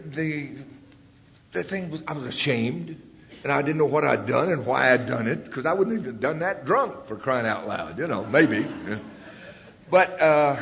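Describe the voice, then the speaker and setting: A middle-aged man tells his story in a folksy, rambling way and now and then bursts into loud quoted lines. His voice is mid-pitched and comes through dull lo-fi tape. The hall around him rings with a long reverb. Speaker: recovering alcoholic speaker. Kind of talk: storytelling talk at a recovery meeting. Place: hall at a recovery roundup.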